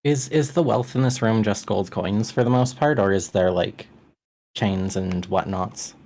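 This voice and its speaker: Low-voiced man asking casual questions. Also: a little slow, darkish tone. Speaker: player. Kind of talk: tabletop role-play.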